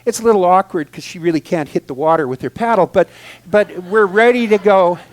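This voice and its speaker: A man with a high-pitched voice tells a funny personal story to a congregation as a guest speaker. His delivery is animated and expressive, rising to excited outbursts and dropping to quiet, confiding asides. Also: a little fast. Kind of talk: humorous storytelling talk.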